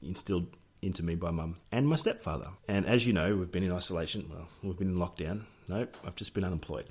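A man's voice: low voice, fast talker, slightly rough. A middle-aged Australian man co-hosting a podcast, telling family stories in a jokey way and laughing often. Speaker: podcast co-host. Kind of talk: casual storytelling chat.

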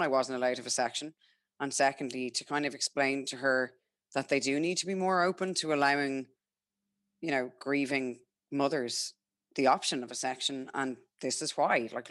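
A woman's voice: extremely low pitch, fairly bright tone, dry recording, clean studio sound. A young Irish woman telling her own story frankly and chattily, quoting herself and others as she goes. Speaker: guest sharing her story. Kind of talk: candid personal storytelling.

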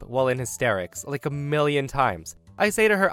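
A man's voice: fairly high pitch, animated, moderate pace, hardly any pauses, fairly bright tone, clear, resonant tone, soft background music. A man reading a story aloud, telling it with energy and acting out his own panicked lines. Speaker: story narrator.

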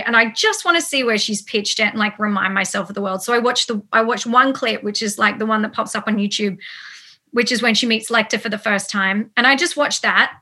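A woman guest in a casual interview, telling an animated story with many fillers and quoted asides. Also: on the high side. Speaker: actor guest.

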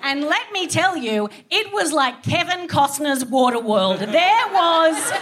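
A woman with an Australian accent telling a comic story on stage, animated and swearing freely as she acts out voices. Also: high-pitched, slow pace, a crowd in the background. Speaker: comedian. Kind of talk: live stand-up storytelling.

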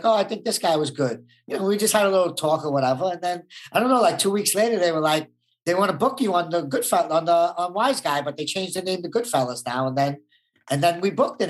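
A man talks as a guest in a casual interview. He tells his stories in a laid-back, easygoing way, often using "like.". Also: fairly high pitch. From New York. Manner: laid-back storyteller, uses "like" a lot. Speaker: guest, actor.

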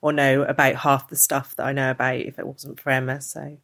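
A woman's voice: extremely low pitch, flat delivery, brisk, fairly bright tone. A mother chatting casually about her son, often laughing and acting out what other people said. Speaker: interviewee, mother. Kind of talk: casual chat.

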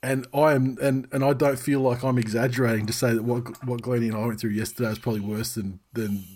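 A man's voice: mid-range voice, level tone, quick pace, darkish tone. A middle-aged man co-hosting a podcast, chatting casually in a rambling, self-interrupting way, swearing freely and laughing often. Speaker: podcast co-host.

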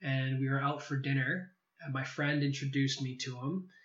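A man being interviewed, telling a personal story in a casual, animated way and acting out quoted dialogue. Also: mid-range voice, moderate pace. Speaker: podcast guest. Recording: echoey room, slightly dull sound.

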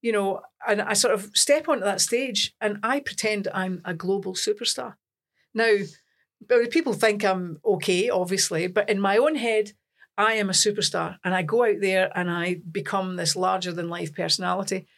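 A Scottish woman from Scotland, a singer as an interview guest, telling lively stories with laughs in casual chat. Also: medium pitch, moderate pace. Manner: lively storytelling with laughs and acted-out quotes.

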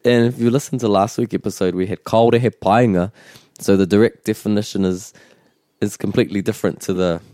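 Man, lowish voice, as a patient language teacher who repeats words slowly. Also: fairly even intonation, warm tone, no echo, clean studio sound. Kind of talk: bilingual language lesson chat.

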